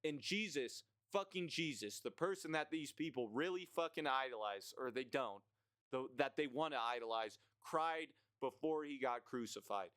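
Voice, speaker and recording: A man's voice: medium pitch, animated, moderate pace, fairly bright tone, no room sound. Blunt, profane young man ranting. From United States. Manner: blunt, profane, rambling with fillers. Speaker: vlogger. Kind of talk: ranting list monologue.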